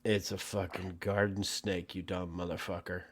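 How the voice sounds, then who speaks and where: A man's voice: low-pitched, level tone, moderate pace. A man co-hosting a podcast, ranting in a profane, exasperated way in casual chat. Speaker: podcast co-host.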